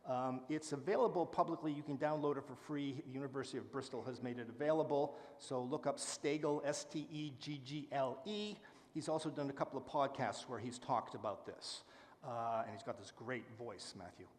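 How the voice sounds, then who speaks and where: A man giving a public talk and answering audience questions, speaking with lively enthusiasm and frequent fillers. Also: medium pitch, fairly quick, big-room sound. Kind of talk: public lecture and Q&A. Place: lecture hall with live audience.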